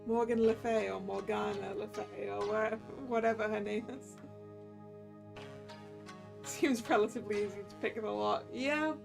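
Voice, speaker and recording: A woman's voice: mid-range voice, steady tone, moderate pace, gravelly, music in the background. A woman streamer chatting casually and giggling while playing a visual-novel game. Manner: chatty, giggly, muses aloud.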